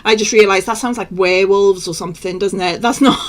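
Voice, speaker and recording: A woman's voice: medium pitch, fairly even intonation, a little fast. A woman co-hosting a chat podcast, delivering a heated, exasperated opinion rant and breaking into disbelieving laughter. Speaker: podcast co-host. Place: studio for a live-streamed podcast.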